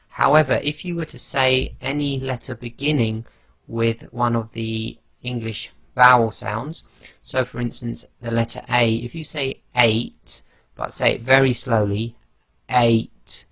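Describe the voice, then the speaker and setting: Slow, gravelly-voiced male tajweed teacher. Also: mid-range voice, fairly bright tone, no room sound. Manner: patient, demonstrates each letter sound slowly. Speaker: Quran recitation teacher. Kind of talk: slow instructional explanation.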